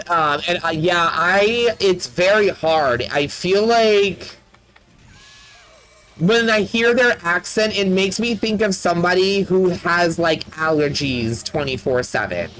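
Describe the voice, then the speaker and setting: Excitable Canadian gamer, slow-talking. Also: medium pitch, poor audio. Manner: excitable, quick to laugh, loud playful outbursts. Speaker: let's play streamer. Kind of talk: casual gameplay chat with viewers.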